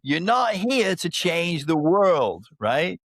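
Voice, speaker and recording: A man's voice: high voice, very animated, slow pace, fairly bright tone, dry recording, studio quality. A man hosting a podcast, telling stories in a casual, rambling way, laughing often and tagging "right?" onto his sentences. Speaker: podcast host. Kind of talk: casual storytelling chat.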